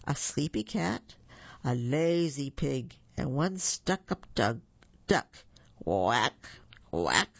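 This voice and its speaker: A storyteller reading children's stories aloud, with gentle chatty asides to the listeners. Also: mid-range voice, creaky, husky, no echo. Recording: muffled lo-fi recording.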